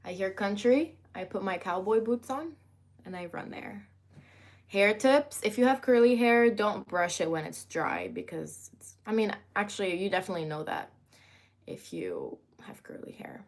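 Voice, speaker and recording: A woman's voice: mid-range voice, normal speed. Chatty young woman streaming casually. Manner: chatty, greets viewers by name, uses filler words. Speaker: livestream host. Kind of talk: casual livestream chat.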